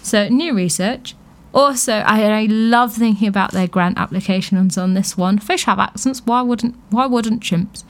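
A woman's voice: medium pitch, unhurried. A woman hosting a radio show, chatting casually with frequent laughs and thinking aloud. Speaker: radio host.

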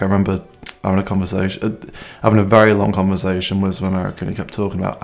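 A man's voice: fairly low pitch, steady tone, fast talker, creaky, darkish tone. A man presenting a music radio show, chatting between songs in a rambling, self-mocking way with many fillers. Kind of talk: casual music show links.

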